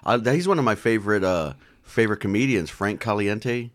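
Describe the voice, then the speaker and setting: A man's voice: fairly low pitch, expressive, a little fast, dry recording. A man co-hosting a casual podcast from a small home studio, cracking jokes as he talks. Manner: jokey, wisecracking. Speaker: podcast co-host. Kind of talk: casual chat.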